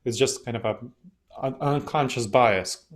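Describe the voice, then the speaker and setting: A man's voice: medium pitch, a little slow. A man speaking as an interview guest, telling his own story in a reflective, self-deprecating way. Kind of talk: casual storytelling.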